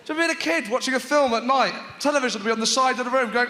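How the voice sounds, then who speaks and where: A man performing stand-up comedy on a theatre stage, animated and often shouting. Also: very high voice, rapid-fire, few pauses. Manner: animated, shouting bits and put-on voices. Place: large theatre stage with live audience. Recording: echoey hall with crowd noise.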